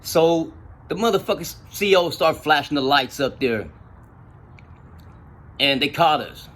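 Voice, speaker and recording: Husky dude telling rough street stories, cussing a lot, kinda high voice. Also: male voice, a little slow. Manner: profane street slang, animated retelling. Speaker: storyteller. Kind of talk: casual storytelling.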